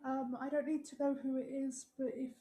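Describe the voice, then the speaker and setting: Woman, slightly high, flat and even delivery, offhand gamer on a call. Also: fairly quick, reverberant. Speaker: player in a social deduction game. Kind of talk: casual strategy chat over voice call.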